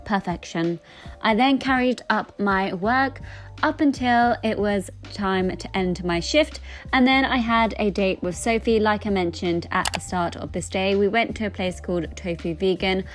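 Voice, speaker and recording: A woman's voice: medium pitch, measured pace, faint music behind. A young woman in her twenties narrating a casual day-in-the-life vlog, chatty and upbeat, talking straight to her viewers. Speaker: vlogger, radiographer.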